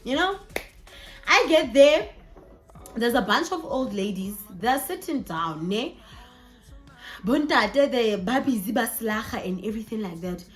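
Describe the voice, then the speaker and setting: A young woman with a South African accent telling a personal story in a chatty, animated vlog, slipping in Sesotho phrases. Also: fairly high pitch, a little slow, long pauses. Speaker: vlogger. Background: faint background music.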